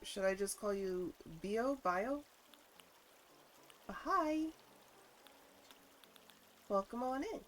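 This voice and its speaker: A congested livestreamer chats casually while building, playful, given to sing-song nonsense humming and mock-formal phrasing. The voice is medium-pitched, expressive and fairly bright, with drawn-out words and long pauses. There's slight background noise.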